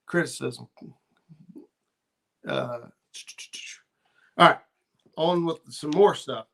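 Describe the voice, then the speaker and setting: A man's voice: fairly high pitch, animated, measured pace, pauses often, fairly bright tone. A middle-aged man hosting a fishing channel livestream, chatting casually and rambling with lots of ums and uhs as he reads viewer comments.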